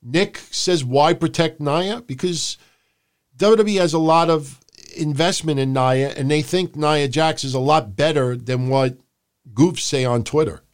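Animated, profane male wrestling podcaster. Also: measured pace, clean tone. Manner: animated, profane, mimics people in loud high shouts. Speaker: podcast co-host. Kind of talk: casual wrestling recap chat.

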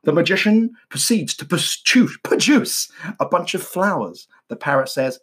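A man's voice: fairly high pitch, lively intonation, normal speed, a bit bright, slightly rough. A man co-hosting a comedy podcast, telling jokes in a playful, self-mocking way. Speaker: podcast co-host.

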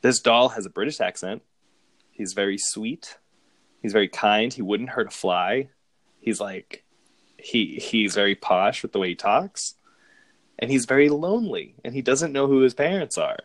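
Casting: low-voiced man, easygoing co-host, dry close sound. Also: normal speed, no echo. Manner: rambling, amused, with frequent restarts and laughs. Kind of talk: casual chat recapping movies.

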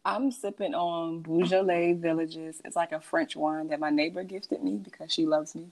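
A woman from Washington, D.C., a guest on a casual podcast interview, talking in a calm, reflective way. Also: sits low, normal speed, slight background noise, poor audio. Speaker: guest, entrepreneur and herbalist.

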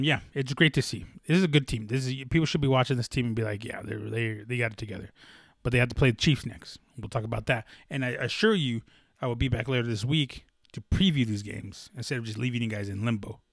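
A young man hosting a casual sports talk show, rambling and excitable, with lots of fillers and profanity. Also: mid-range voice, no room sound, studio quality. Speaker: sports podcast host.

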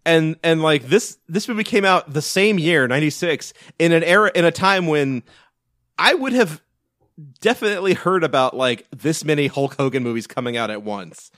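A man's voice: on the high side, expressive, moderate pace, fairly bright tone, no echo. A man rambles through a casual movie podcast chat. He restarts often and swears now and then, in a dry, close recording. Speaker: podcast co-host.

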